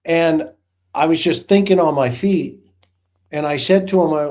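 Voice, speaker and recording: A man's voice: fairly high pitch, a little slow, a little mellow. A former hostage negotiator, a man, telling a rambling, vivid story in casual chat with many restarts.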